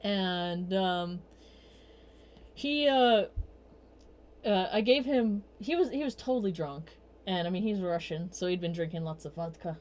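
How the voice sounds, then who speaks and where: A woman's voice: unhurried, long pauses, darkish tone. Chatty young woman rambling through stories. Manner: rambling, chatty, many fillers and restarts; quotes herself in bursts of higher voice. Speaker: livestream host. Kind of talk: casual storytelling chat.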